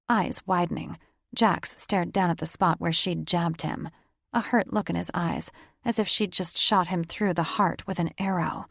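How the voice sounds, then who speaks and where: A woman narrates a paranormal romance audiobook in a steady storytelling voice. Her tone sits low with a gravelly, creaky texture. The recording is dry and close, with no room sound. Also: unhurried, no room sound. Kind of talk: scripted narration.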